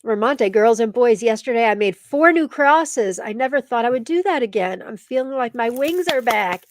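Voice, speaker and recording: A woman's voice: on the high side, expressive, normal speed, a little hiss or hum. A middle-aged woman hosting a casual live stream, teary and emotional as she reads viewer comments aloud. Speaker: live show host.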